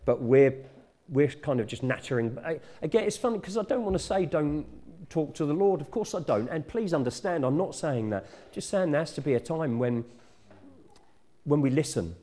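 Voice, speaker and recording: A man's voice: fairly high pitch, animated, moderate pace, mellow. A middle-aged man, preaching a sermon in a church in a conversational, self-correcting teaching manner.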